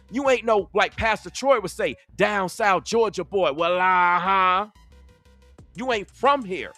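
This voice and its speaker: Man, high-pitched commentary host, preachy and sing-song, dry close sound. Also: pushed and bright, no room sound. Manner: preachy and emphatic, drawing out words in a sing-song way. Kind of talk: livestream commentary monologue.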